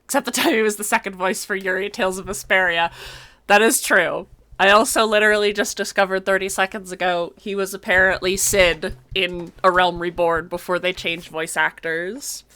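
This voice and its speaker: Chatty young woman with a bright voice. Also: mid-range voice, fairly even intonation, normal speed. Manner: chatty, effusive, many fillers and restarts. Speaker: streamer playing a video game. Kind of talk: casual game commentary.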